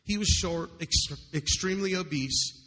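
A man delivers a sermon with passionate, emphatic preaching. His voice is bright and a little raised in pitch. It rings with the long reverb of a large hall. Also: measured pace. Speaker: pastor. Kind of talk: sermon with read-aloud story.

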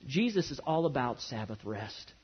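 A man preaching a sermon, swinging from loud emphasis to hushed, quiet lines. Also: mid-range voice, sing-song, normal speed, husky, lo-fi sound. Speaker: pastor.

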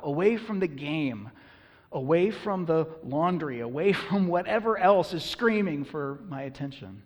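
A pastor preaching with earnest emphasis, his voice slightly husky and pitched a little high for a man. His words ring out with a long reverb, as in a large church hall. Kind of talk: sermon.

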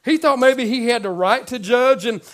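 A male pastor with a high voice delivers a conversational sermon. He jokes with the room and repeats words as he builds to his points. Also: moderate pace. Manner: conversational, joking, repeats words when excited.

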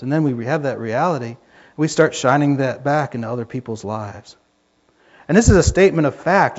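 A male pastor preaching with fervor, his voice pitched high for a man and swelling into yells when he gets worked up. The recording is dull and lo-fi, like an old church tape. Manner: fervent, rising to yelling when excited. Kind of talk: sermon.

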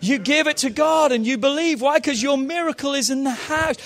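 Man, pastor, sermon, high voice, fervent, quiet asides to loud calls. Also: normal speed, creaky. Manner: fervent preaching, swinging from low intimate asides to loud shouted calls. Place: church service.

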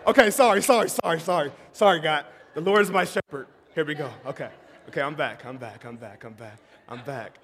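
A man preaching a sermon, moving between shouting excitement and hushed, tender tones and often calling the audience "y'all". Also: mid-range voice, a little fast, slightly rough. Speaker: pastor. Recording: long hall reverb.

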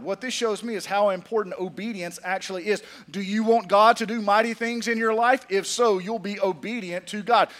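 A man preaching a sermon in an unusually high, bright voice. He drives his points home through repetition and emphasis. He slips into humorous storytelling between scripture readings. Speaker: pastor.

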